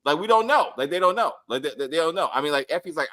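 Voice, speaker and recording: An excitable man chatting through a TV episode review. His voice is bright and forceful, sitting a little high for a man. He swears freely and stumbles over fillers as he talks. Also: fast, hardly any pauses. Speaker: show host. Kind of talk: casual TV review chat.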